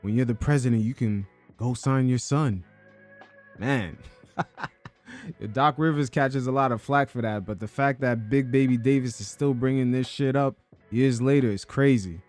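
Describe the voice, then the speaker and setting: A man's voice: medium pitch, moderate pace, darkish tone, soft background music. Male podcast host; casual, wry commentator, mid-range voice. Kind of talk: commentary over an interview clip.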